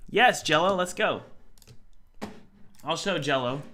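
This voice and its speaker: A man's voice: on the high side, lively intonation, slow, sharp tone. A young man live-streaming game development, talking to himself and his chat as he works. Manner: self-talking, thinks aloud, chatty with chat. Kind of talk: casual live-stream talk while working.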